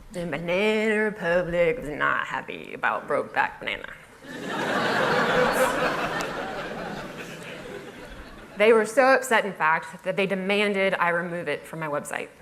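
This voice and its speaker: A woman's voice: on the low side, fairly bright tone, a little hiss or hum. A woman giving a humorous storytelling talk on a festival stage, wry and self-mocking, often laughing through her lines. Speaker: conference speaker.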